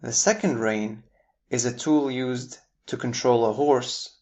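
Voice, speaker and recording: A man with an American accent explaining confusing English word pairs in a clear, deliberate lesson, spelling words out letter by letter. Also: a little mellow. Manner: upbeat jumps in pitch at each new word pair. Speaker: English teacher. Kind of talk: scripted lesson narration.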